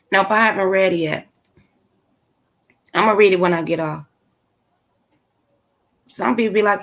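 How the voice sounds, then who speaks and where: A woman's voice: mid-range voice, moderate pace, long pauses. A woman hosting her own channel, chatting casually with her live viewers in a blunt, opinionated and sassy way, full of slang. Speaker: channel host. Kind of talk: casual commentary to a live chat.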